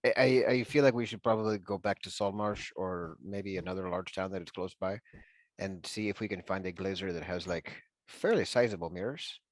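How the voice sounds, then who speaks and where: A man's voice: deep voice, a little fast. A man playing in a tabletop game, talking hesitantly with many restarts. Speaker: player. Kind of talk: casual chat at a tabletop game.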